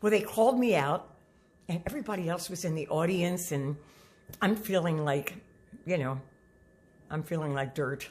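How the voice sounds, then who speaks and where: A woman's voice: lowish voice, moderate pace, a little mellow. A middle-aged woman singing teacher giving a motivational talk to camera, earnest and coaching, often repeating herself.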